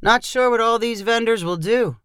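A relaxed, sincere American drifter man chats warmly in this storybook reading, as the narrator puts him on. He pays easy compliments, and the voice is recorded dry, with no room sound. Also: mid-range voice, normal speed, smooth, no room sound, voice pushed up, natural voice. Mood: easygoing. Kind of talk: audio short story reading.

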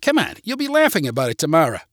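A man's voice: a little high, huge pitch swings, very fast, fairly bright tone, no room sound, studio quality. A man voicing a timid, sheepish middle-aged husband who pleads and makes excuses.

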